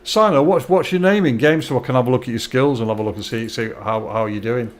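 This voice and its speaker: A chatty middle-aged man talks to his viewers during a casual live stream, friendly and easygoing. He speaks quickly in a mid-pitched voice, often repeating words and restarting sentences.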